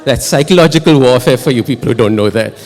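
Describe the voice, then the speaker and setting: A man with an Indian English accent telling a personal story at a live storytelling show, chatty and animated, often asking the audience questions. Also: mid-range voice, fast, big-room sound. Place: stage in a performance hall.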